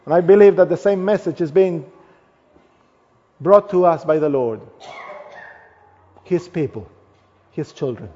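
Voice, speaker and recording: A man preaching a sermon in a church, speaking emphatically and letting his phrases trail off softly at their ends. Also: on the high side, unhurried, long pauses. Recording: long hall reverb, dull lo-fi sound.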